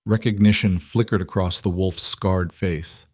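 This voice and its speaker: A man narrating a fantasy story in an even, measured way. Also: fairly low pitch, no room sound, studio quality. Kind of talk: scripted audiobook narration.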